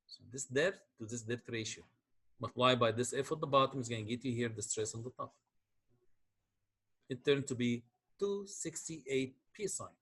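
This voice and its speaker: Man, husky, middle-aged, lecturing step by step, mid pitch. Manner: explains step by step, asks checking questions. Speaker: engineering lecturer. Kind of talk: classroom lecture.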